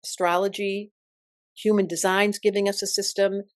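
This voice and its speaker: An older woman, an astrologer guest in an interview, telling stories in an emphatic, expressive way. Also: mid-range voice, normal speed, no room sound, studio quality. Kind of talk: interview conversation.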